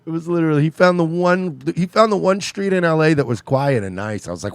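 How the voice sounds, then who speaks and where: A man's voice: on the high side, animated, fast, clean tone, dry recording. A man co-hosting a podcast in crude, profane comedic banter. He laughs often and slips into mock voices. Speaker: podcast co-host.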